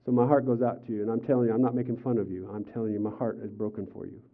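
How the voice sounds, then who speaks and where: An older man preaching a sermon as pastor, telling personal stories with animated, acted-out quotes. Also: fairly low pitch, very fast. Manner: animated storytelling, acts out quotes with raised voice. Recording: tinny phone-like sound.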